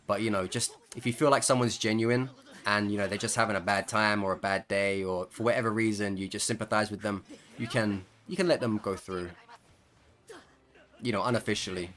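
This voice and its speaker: Brisk and steady in tone, this gaming video creator's low, somewhat bright voice carries a laid-back story told over gameplay. He laughs as he goes, sprinkling in fillers and side comments.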